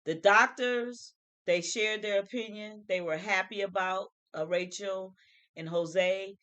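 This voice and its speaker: A medium-pitched woman with fairly even intonation and a fairly bright tone takes her time as she reviews reality TV on a casual commentary vlog. She's emphatic and slangy, often saying the same phrases again.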